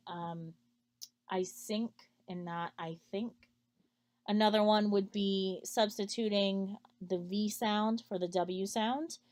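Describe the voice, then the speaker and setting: A woman's voice: medium pitch, reverberant. A woman giving a recorded class presentation, explaining step by step with frequent "um" fillers and reading example sentences aloud. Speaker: student presenter.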